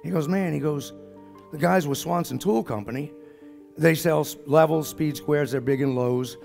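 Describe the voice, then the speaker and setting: A man's voice: a little high, moderate pace, gravelly, a little mellow, soft background music. A middle-aged man from the New Orleans area with a New Orleans accent, telling a folksy story at a business talk and acting out the dialogue. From New Orleans area, Louisiana. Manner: folksy, acts out quoted dialogue. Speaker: speaker at a business summit.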